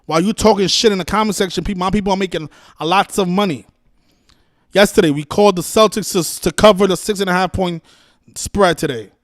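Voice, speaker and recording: A man's voice: sits high, a little fast, no room sound, clean studio sound. A man hosting a livestream, scolding his viewers in an exasperated, profane rant with many restarts and repeated words. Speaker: livestream host. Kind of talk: ranting livestream monologue.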